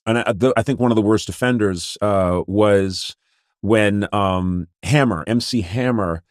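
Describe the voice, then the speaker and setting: A man's voice: lowish voice, a little slow, no echo. Middle-aged male podcast host, loose comic rambler, dry close-miked studio voice. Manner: rambling, self-mocking, jokey asides. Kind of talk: casual comedic chat. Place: Los Angeles podcast studio.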